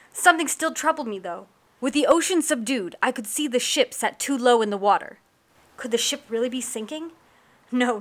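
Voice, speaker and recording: A woman reading a first-person adventure story aloud with lively, wry storytelling. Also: fairly high pitch. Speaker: audiobook narrator.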